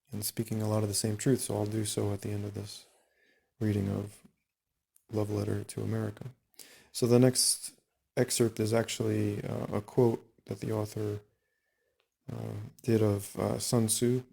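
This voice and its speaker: A low, gravelly male voice with a flat, even delivery reads passages aloud from a book. He breaks off to add his own remarks, which are slow and dotted with fillers and pauses. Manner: unhurried, filler-heavy, with many pauses. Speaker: reader and commentator. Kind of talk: reading a book aloud with commentary.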